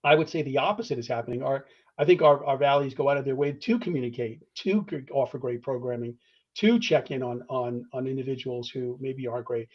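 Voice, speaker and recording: A man speaks as a podcast guest in an earnest, conversational tone, his voice sitting at a middling pitch. He restarts phrases often and keeps checking in with "all right?" The recording sounds slightly dull and lo-fi. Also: brisk. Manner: many restarts, tags points with "all right?"; earnest, acts out phone calls in quotes. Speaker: guest discussing fraternity membership. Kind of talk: conversational interview answers.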